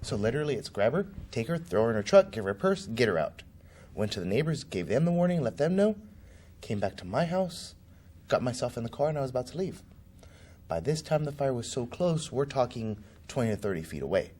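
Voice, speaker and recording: A man's voice: medium pitch, big pitch swings, brisk, a little mellow. A man being interviewed as a political candidate, telling a personal story vividly and acting out the voices of the people in it. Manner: vivid, acts out quoted voices.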